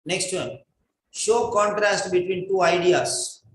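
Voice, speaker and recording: A man's voice: sits high, slow, fairly bright tone, a little hiss or hum. A man teaching an English writing class, giving a lecture and drilling instructions by repeating them again and again. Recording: echoey room.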